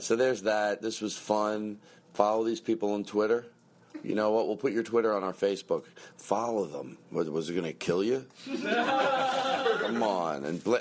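A man hosting a comedy podcast, rambling and self-pitying, swinging into shouted rants. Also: fairly low pitch. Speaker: podcast host.

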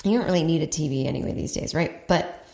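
A woman's voice: deep voice, fast talker, creaky, mellow. Chatty profane woman telling a story. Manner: chatty, profane, self-mocking, quotes people in put-on voices. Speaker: comedy podcast host. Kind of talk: casual storytelling monologue. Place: at home.

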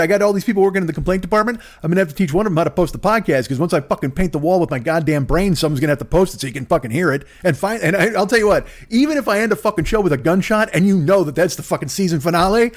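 A man in his forties hosting his podcast, ranting in a profane, exasperated, self-mocking monologue. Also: high-pitched. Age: 40s. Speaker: podcast host.

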